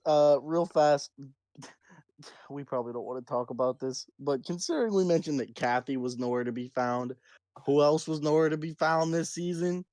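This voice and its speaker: A podcast co-host with a mellow, fairly high-pitched voice makes offhand asides in casual chat. He talks at normal speed, and the studio-quality recording has no echo.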